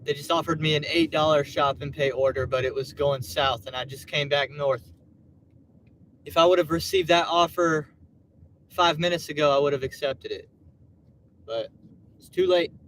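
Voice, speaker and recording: Male livestreamer, somewhat high voice; laid-back, sleepy, thinking out loud from the driver's seat. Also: normal speed, long pauses, slight background noise. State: tired, yawning. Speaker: gig delivery driver livestreaming. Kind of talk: casual livestream chat, reading viewer comments. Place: in a car.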